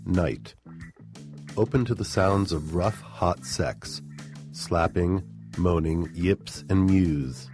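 Deep low guy narrating stage directions, flat, guitar music underneath. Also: slow. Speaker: audio story narrator. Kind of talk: scripted narration.

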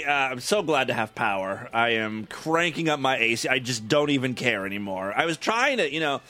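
Lively, bright-voiced male podcast host. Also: mid-range voice. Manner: laughs often, loose and jokey. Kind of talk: casual podcast chat.

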